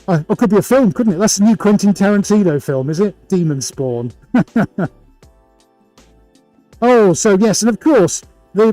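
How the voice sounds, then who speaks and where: A man's voice: high-pitched, mellow, no echo. A man hosting a live painting stream, chatting casually and greeting viewers by name with jokey asides.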